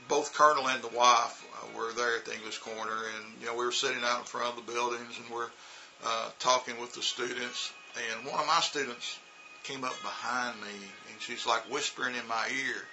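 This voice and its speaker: This is a man with a gravelly, very bright voice, casually telling stories about his teaching years. He rambles along, restarting sentences and filling pauses. Soft music plays faintly behind him. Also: mid-range voice, fairly even intonation, rough recording. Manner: rambling, many fillers and restarts. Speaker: vlogger recounting teaching in China. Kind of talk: casual storytelling.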